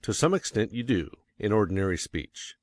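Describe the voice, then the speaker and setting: A man reading a nonfiction book aloud as an audiobook narrator, measured and stressing key words. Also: lowish voice, sing-song, no echo, clean studio sound. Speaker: audiobook reader. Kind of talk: scripted narration.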